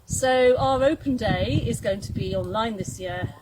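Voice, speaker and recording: A woman's voice: fairly high pitch, a little slow. Woman garden guide, casual presenting, hesitant, faint noise behind.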